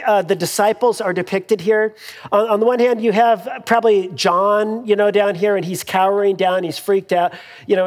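A pastor preaching a sermon in a relaxed, conversational way, often restarting sentences and adding humorous asides, in a large church sanctuary. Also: medium pitch. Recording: long hall reverb.

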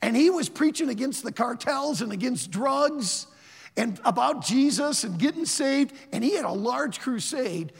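A man in his sixties preaching a sermon, telling a story in a dramatic, animated way. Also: very high-pitched, unhurried, gravelly, husky, long reverb tail.

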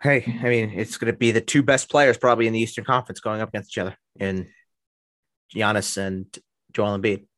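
A man's voice: fairly low pitch, flat delivery, fairly quick, fairly bright tone. A man co-hosting a podcast in casual sports chat, opinionated and given to repeating words as he starts. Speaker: podcast co-host.

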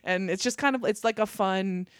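A young woman comedian chatting casually on a podcast, telling animated stories, swearing freely and acting out what people said. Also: mid-range voice, moderate pace, clean tone, no echo, studio quality. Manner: animated storytelling, swears freely, acts out quotes. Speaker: stand-up comedian, guest.

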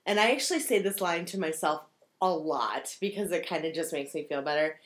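A woman talking through a film in casual chat, lively and quick to laugh. She slips into the characters' voices to act out her favorite lines, then drops back into her own easy, everyday voice. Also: low-pitched. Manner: animated, laughs often, acts out quotes.

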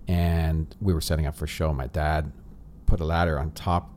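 Very deep-voiced male host, relaxed. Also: moderate pace, a little hiss or hum. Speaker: podcast host. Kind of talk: casual interview chat.

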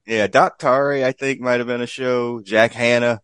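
A man's voice: mid-range voice, fairly even intonation, moderate pace, a bit bright, clear, resonant tone, no echo. A man hosting a casual podcast chat, rambling loosely with lots of fillers. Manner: laid-back, rambling, with frequent fillers and laughs. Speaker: podcast host.

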